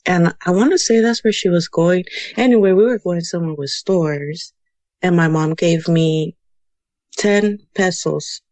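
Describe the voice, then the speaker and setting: A woman in her thirties from Houston speaks with a lowish, slightly mellow voice at a measured pace, with no echo. As a podcast guest in a casual storytelling interview, she chats freely, saying "you know" a lot and sprinkling in Spanish words.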